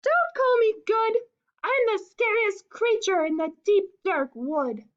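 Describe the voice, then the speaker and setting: A woman voicing a boastful, clever little male mouse in a high, bright storybook voice. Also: animated, takes it slowly, heavily acted. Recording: dull lo-fi recording.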